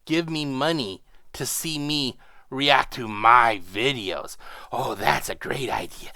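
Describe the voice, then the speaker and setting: A man's voice: medium pitch, slow, sharp tone. A man hosting a reaction video, ranting with profanity and sarcasm. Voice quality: mocking, sarcastic.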